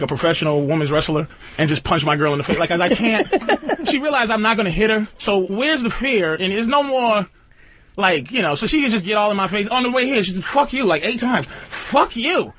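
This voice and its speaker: A man hosting his own show, ranting crudely and laughing as he talks. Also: sits high. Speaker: show host. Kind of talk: profane comedic rant. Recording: lo-fi played clip, loud background noise.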